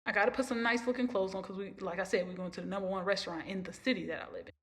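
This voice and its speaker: A woman's voice: medium pitch, steady tone, very fast. Woman, podcast host, young, emotional, rambling storytelling. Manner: rambling, emotional, repeats herself. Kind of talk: casual storytelling monologue.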